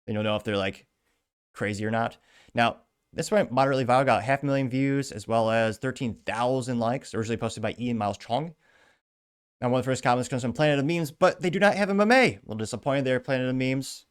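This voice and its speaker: A man's voice: medium pitch, fast, smooth. A man hosting a commentary podcast, reading out news and comments with sarcastic, wry asides. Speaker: podcast host.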